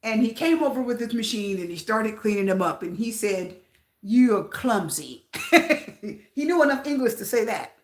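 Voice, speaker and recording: A woman's voice: fairly high pitch, animated, a little fast. A woman doing a casual tarot reading for her viewers, chatty and repetitive, often asking them questions. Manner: chatty, repeats herself, asks viewers questions. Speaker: tarot reader. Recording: roomy echo.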